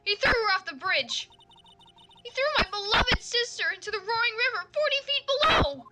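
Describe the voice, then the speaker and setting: Figure: a woman doing a hulking male convict, distraught and loud. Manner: shouting, broken sentences, wildly swinging pitch. Tone: bright and sharp. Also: lively intonation, brisk, faint music behind, exaggerated voice. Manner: shouting, broken sentences, attempted tough-guy accent. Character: excitable hulking male convict, grieving and wronged.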